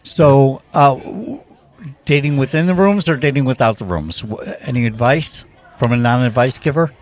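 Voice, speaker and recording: A man with a mid-range voice co-hosts a relaxed conversation. He jumps in with quick jokes and questions. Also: mid-range voice. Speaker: podcast co-host. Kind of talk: casual chat.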